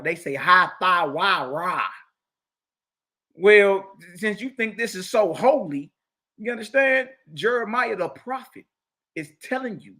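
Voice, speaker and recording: Middle-aged male Bible teacher, high forceful voice, mocking and combative delivery. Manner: mocking, confrontational, preachy. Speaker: religious teacher. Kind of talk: fiery scripture lesson.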